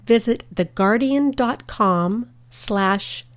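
A woman's voice: fairly high pitch, takes it slowly. A woman hosts a scripted radio segment, reading out upcoming events. Between the listings she slips into chatty family anecdotes. Her delivery stays friendly and conversational. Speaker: radio host.

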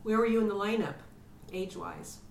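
A woman's voice: medium pitch, fairly quick, gravelly. A woman interviewer asks short, friendly questions in a curious, easy tone. She sounds a little distant from the microphone, in a roomy space with echo. Faint background noise hums along behind her.

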